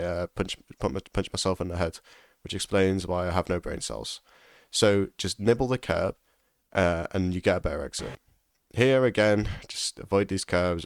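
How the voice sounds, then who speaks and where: A man's voice: low voice, dry recording, studio quality. A man giving casual instructional commentary over a sim racing lap, repeating key tips for emphasis.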